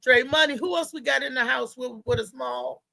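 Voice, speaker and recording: A woman hosting a live show, telling a story in a chatty, animated way. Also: high-pitched, brisk, creaky, no echo. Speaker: host. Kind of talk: casual live show chat.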